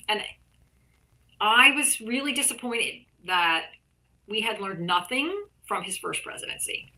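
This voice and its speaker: A woman's voice: mid-range voice, animated, a little slow, bright, forceful tone, poor audio. A middle-aged woman talking in a casual interview, blunt, profane and heated as she argues her views. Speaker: artist and activist guest.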